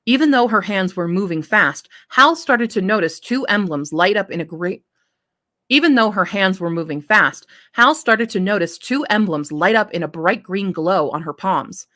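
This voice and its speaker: A woman's voice: mid-range voice, expressive, normal speed, pushed and bright. A woman reading her own story draft aloud, stopping to reread and correct lines.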